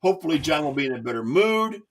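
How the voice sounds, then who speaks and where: A man's voice: fairly high pitch, very animated, quick pace, soft background music. Easygoing male sports podcast host. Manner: easygoing, repeats words on restarts. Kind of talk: casual sports podcast chat.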